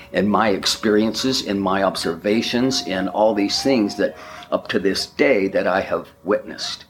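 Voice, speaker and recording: A man giving a spiritual talk, speaking slowly and emphatically, with repeated affirmations. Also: fairly low pitch, a bit bright, a little hiss or hum. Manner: slow, emphatic, repetitive affirmations.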